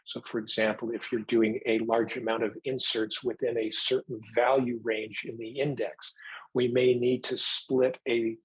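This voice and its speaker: A man giving a technical presentation, explaining new software features in a measured way and taking questions. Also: mid-range voice, slightly rough, poor audio.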